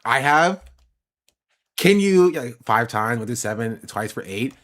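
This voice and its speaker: A male streamer talks casually with his chat, answering questions as they come in. His pitch swings widely, and he laughs a lot and repeats himself to drive a point home. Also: expressive, unhurried, fairly bright tone. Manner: laughs often and repeats phrases for emphasis.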